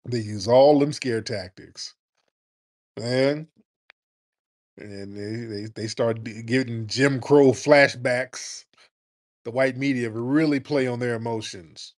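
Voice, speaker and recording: A man's voice: medium pitch, slow pace, long pauses. A man hosting a call-in radio show, talking bluntly in a casual, mocking, slangy way. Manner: blunt, mocking, slangy and animated, mimics people in put-on voices.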